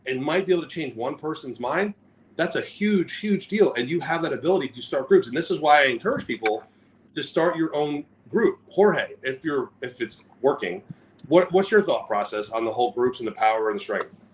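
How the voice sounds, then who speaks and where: A man co-hosting a business podcast in animated, rambling casual chat, often stopping and restarting his sentences. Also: medium pitch, brisk, slight background noise, poor audio. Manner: animated, rambling, self-interrupting. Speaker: podcast co-host.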